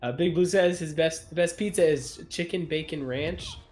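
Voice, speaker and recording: A man's voice: on the high side, normal speed, a little mellow. Upbeat streamer man reading chat aloud. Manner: upbeat, reads chat aloud, jokes around. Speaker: streamer host. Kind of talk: casual gaming stream chat.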